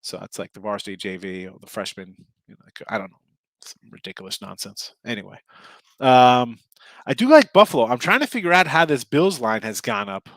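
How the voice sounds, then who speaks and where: A tired middle-aged man rambles through a casual betting chat with viewers and keeps correcting himself. His voice sits at an ordinary middle pitch and sounds dry and close, with no room echo. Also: expressive, brisk, a bit bright. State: tired, yawning. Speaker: sports betting show host.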